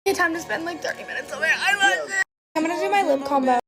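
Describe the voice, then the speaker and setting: A teenage girl chats through her morning routine, dropping "like" into nearly every phrase. Her voice sits high. Loud pop music plays underneath her throughout. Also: very fast. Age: teens. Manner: chatty, filler-heavy "like" talk. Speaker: vlogger. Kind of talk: get-ready-with-me chat.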